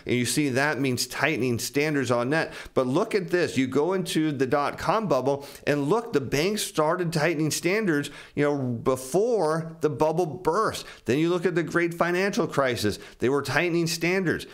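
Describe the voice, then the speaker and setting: A man's voice: fairly high pitch, normal speed, few pauses. A man giving casual financial commentary as he walks through charts, explaining them to viewers he calls his friends and acting out what bankers and borrowers would say. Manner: acts out bankers and borrowers in quoted asides.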